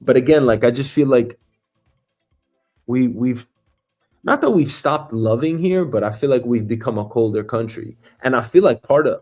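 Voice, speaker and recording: Over soft music, a man with a medium-pitched, darkish voice delivers animated commentary at a moderate pace. He's a comedian running a news talk stream, swearing freely, rambling, and leaning heavily on fillers.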